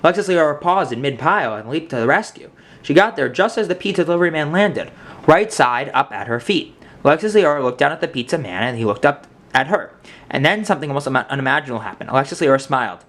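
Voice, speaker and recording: A man reads a children's picture book aloud, narrating with lively, expressive storytelling. He leans into the dramatic moments with rising energy, in the middle of a man's pitch range. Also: fast talker.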